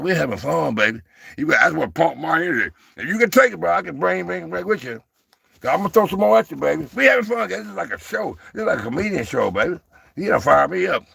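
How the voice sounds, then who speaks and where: A man's voice: high voice, creaky, sharp tone, breathy edge, no echo, clean studio sound. A man in his sixties hosting a casual livestream, speaking in a folksy, preacher-like way, calling viewers baby and brother, and getting fired up and playful with his chat. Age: 60s. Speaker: livestream host.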